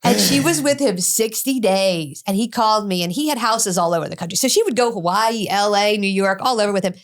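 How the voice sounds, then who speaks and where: A woman's voice: medium pitch, brisk. A middle-aged woman, an addiction specialist, telling a story in an interview, acting out both sides of the dialogue with blunt, cursing energy.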